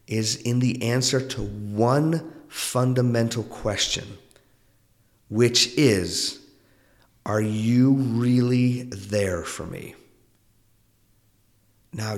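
A man hosting a podcast monologue, earnest and reflective, often dropping into a soft, confiding tone. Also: medium pitch, in a large hall. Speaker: podcast host.

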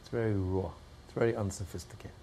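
A man teaching a religious text class, telling stories and breaking into shouts and laughter. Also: on the low side, steady tone, quick pace, gravelly, slight background noise. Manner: storytelling, bursts into shouts and laughter. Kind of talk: animated Torah class with storytelling.

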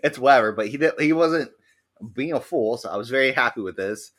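A man co-hosting a podcast, telling animated stories in casual chat and swearing freely. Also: mid-range voice, a little fast. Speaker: podcast co-host.

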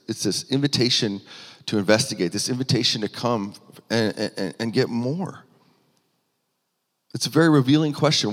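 Male preacher, earnest and emphatic, mid-pitched, long hall reverb. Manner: earnest, rising with emphasis, frequent restarts. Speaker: pastor. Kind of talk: sermon.

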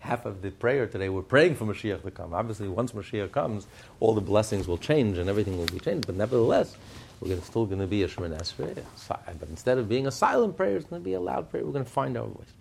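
A man's voice: lowish voice, big pitch swings, quick pace, creaky, a little mellow, a little hiss or hum. A man giving a Chassidic Torah lesson, firing rhetorical questions and telling stories. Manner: fires rhetorical questions, storytelling. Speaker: Torah teacher.

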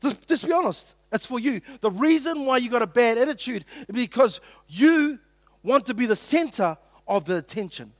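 A middle-aged man preaches to his congregation in a high, light voice. He talks like he is chatting, jokes and acts out little quotes. The sound is close and dry. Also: lively intonation, normal speed, no echo. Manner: conversational, joking with the congregation, acting out quotes. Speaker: pastor. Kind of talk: sermon.

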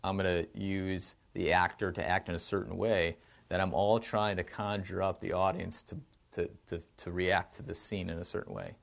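Male discussion leader, low and gravelly, lively and thinking out loud. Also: moderate pace. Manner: animated, thinks aloud with frequent restarts. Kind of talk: informal film discussion.

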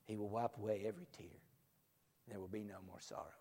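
A man preaching a sermon, swinging from loud proclamation to hushed near-whispers, recorded in a church sanctuary. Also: lowish voice, steady tone, quick pace. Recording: long hall reverb.

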